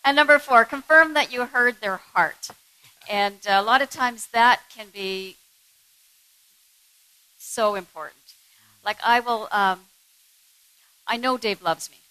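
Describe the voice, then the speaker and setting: A woman's voice: fairly high pitch, takes it slowly, pauses often, bright, forceful tone, clear, resonant tone, no echo, poor audio. A woman co-presenting a talk on marriage with her husband, earnest and candid.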